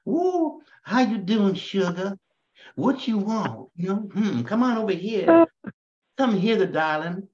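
A man's voice: sits high, big pitch swings, takes it slowly, a little mellow, voice pushed up, full character voice. A man doing a coy, scheming Southern belle with a hammed-up Southern drawl, sweet-talking in a voice pushed well above his own. She purrs and coaxes. The lo-fi recording sounds dull. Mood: flirtatious. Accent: Southern US, put on.

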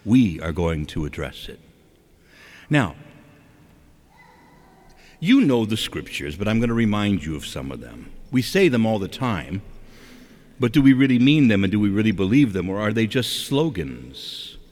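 A man's voice: lowish voice, moderate pace, long pauses. A man preaching a conversational sermon in a church, asking rhetorical questions and talking straight to the congregation. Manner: animated, asks rhetorical questions, acts out quotes. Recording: long reverb of a church.

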